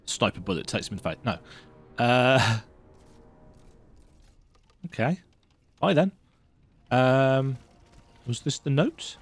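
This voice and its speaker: A man giving casual let's-play commentary as he plays a game, with relaxed, muttered asides. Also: medium pitch, takes it slowly, long pauses, husky. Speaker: gaming YouTuber. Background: faint game music.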